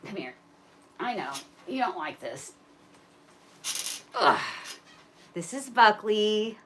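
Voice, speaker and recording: A woman chatting casually on a live stream, thinking aloud and talking to her viewers, turning loud and excited at a win and cooing to her pet. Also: medium pitch, takes it slowly, a little hiss or hum. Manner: gets excited and loud at wins. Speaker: live streamer scratching lottery tickets.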